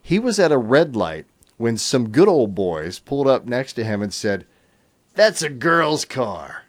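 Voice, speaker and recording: A man's voice: mid-range voice, moderate pace. A middle-aged man hosting a radio call-in show, reading listener stories aloud with chuckles and easy fillers. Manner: chuckling, relaxed storytelling with fillers. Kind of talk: reading listener comments on air.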